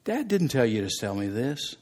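A man's voice: mid-range voice, sing-song, normal speed. A man voicing a weary, blunt grown brother who calls out a lie, in plain everyday speech. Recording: long hall reverb.

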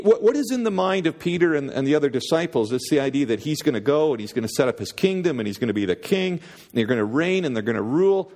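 A man's voice: fairly high pitch, a little mellow, big-room sound. A man preaching a sermon, earnest and conversational, often repeating words as he builds toward a point. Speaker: pastor.

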